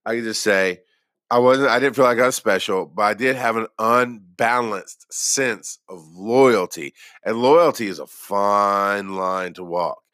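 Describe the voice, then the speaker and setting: A man's voice: lowish voice, measured pace, fairly bright tone, no room sound, clean studio sound. A former paramedic telling his own story in a casual way, rambling and poking fun at himself, with lots of restarts. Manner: rambling and self-deprecating, with many restarts.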